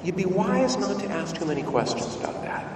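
A man's voice: high-pitched, big pitch swings, fairly quick, noisy background. A male priest preaching a conversational homily in a church, asking rhetorical questions and stumbling over repeated words. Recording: echoey church, far from mic.

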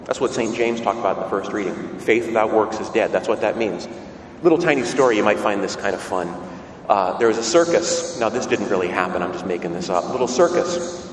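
Priest preaching in an echoey church. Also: male voice, medium pitch, a little hiss or hum. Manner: conversational, asks the congregation frequent rhetorical questions. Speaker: Catholic priest. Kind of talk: homily during Mass. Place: large church. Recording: echoey church hall from far off, faint ambience.

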